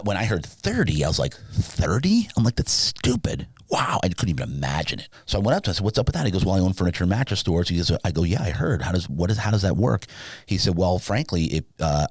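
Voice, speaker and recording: A very low-voiced man tells a rambling personal story as a podcast guest. He gets animated and jumps his voice way up when he acts out dialogue. The sound is dry and close, with no room echo. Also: fast, husky. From Southern California. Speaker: podcast guest, sleep business founder. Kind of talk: casual storytelling interview.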